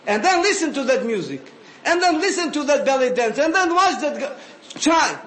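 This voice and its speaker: A man giving an animated sermon, often calling listeners "habibi". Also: very high-pitched, normal speed. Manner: animated, switching between English and Arabic phrases, calling listeners "habibi". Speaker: preacher. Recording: echoey room with faint ambient noise.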